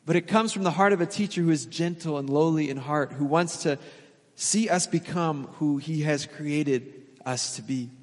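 A man in his thirties preaching a sermon as pastor, telling stories in a relaxed, conversational way with fillers and small laughs. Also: a little high, moderate pace. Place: church sanctuary. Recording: long hall reverb.

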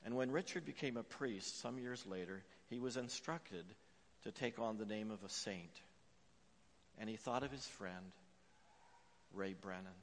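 A man preaching a sermon as pastor, telling a story with frequent "uh" fillers and swinging between hushed and emphatic delivery. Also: lowish voice, measured pace, long pauses, slight background noise. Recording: long reverb of a large hall.

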